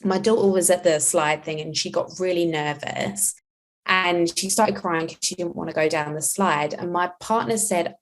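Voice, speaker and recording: A woman with a fairly low voice hosts a relaxed podcast conversation. She speaks earnestly and reflectively, as a mother talking through her own parenting. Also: moderate pace. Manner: earnest and reflective, acting out quoted lines.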